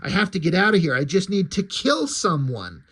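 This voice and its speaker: A man voicing a grim male time-traveling soldier's inner thoughts in a low mutter. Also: huge pitch swings, moderate pace, fairly bright tone, husky, heavily acted.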